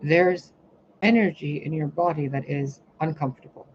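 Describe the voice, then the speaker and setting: A woman who works as a spiritual reader and healer rants on her own live stream, blunt and profane, animated as she acts out other people's lines. Her low-pitched voice moves at a normal speed over lo-fi audio with a slight hiss or hum.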